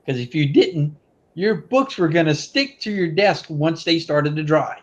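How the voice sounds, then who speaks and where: A man in casual chat, telling stories slowly and deliberately. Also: a little high, expressive, dull audio.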